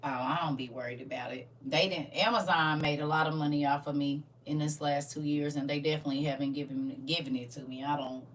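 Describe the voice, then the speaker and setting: A woman's voice: low-pitched, steady tone, recorded from a distance, slight background noise. A woman, casually chatting on a livestream from home in a laid-back, playful way. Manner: laid-back, playful, drawn-out teasing calls. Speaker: livestream host. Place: home, indoors.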